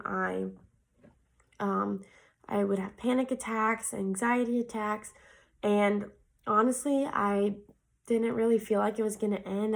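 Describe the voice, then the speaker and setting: A woman's voice: mid-range voice, gravelly, poor audio. A young woman giving an earnest, casual devotional talk, speaking conversationally and often saying "like".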